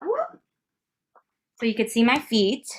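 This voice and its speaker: A woman's voice: fairly high pitch, huge pitch swings, takes it slowly, distant mic. A woman in her thirties teaching a tap dance class, upbeat and counting out steps as she goes. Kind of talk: live online dance class instruction.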